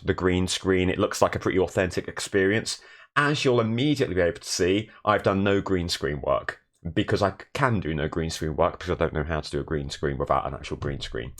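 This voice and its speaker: A young man streaming from his bedroom in a shared flat, chatting casually and self-deprecatingly and thanking viewers. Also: sits low. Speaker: Twitch streamer. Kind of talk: casual live stream chat.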